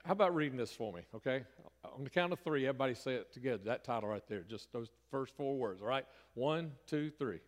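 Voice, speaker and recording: Preacher guy, middle-aged, chatty sermon that gets loud and punchy, long echo from the church hall. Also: medium pitch, lively intonation, quick pace. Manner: folksy, conversational preaching with rising emphatic bursts. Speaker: pastor. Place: church sanctuary.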